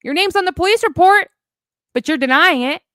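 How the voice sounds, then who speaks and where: A woman's voice: very high voice, lively intonation, fairly quick, a bit bright, dry recording, clean studio sound. A woman in a heated, profane livestream rant, sarcastic as she calls out her online critics. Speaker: streamer addressing online critics.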